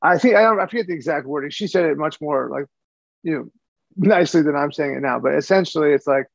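Gravelly man rambling in casual chat. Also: on the high side, fast talker, no echo, highs cut off. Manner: rambling, repeats words while thinking. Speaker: podcast co-host.

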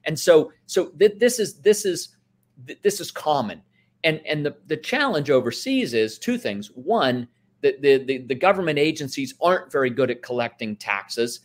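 A man's voice: on the high side, big pitch swings, normal speed. A man who is an investment expert, explaining in casual talk and often checking in with the listener. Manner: explains with many "right?" tags and restarts.

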